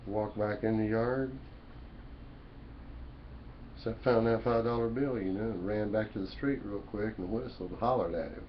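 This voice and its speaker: A man with a fairly low voice rambles through a preachy, folksy monologue to his webcam. The audio is dull and lo-fi, with faint room noise behind him. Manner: folksy, preachy, repeats "you know" and "man". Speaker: vlogger. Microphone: webcam mic.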